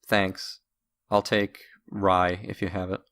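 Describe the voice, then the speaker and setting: A man's voice: deep voice, level tone, slow, a bit bright, heavily acted. A man doing a weary, guilt-ridden drinker. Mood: subdued. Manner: hesitant, subdued.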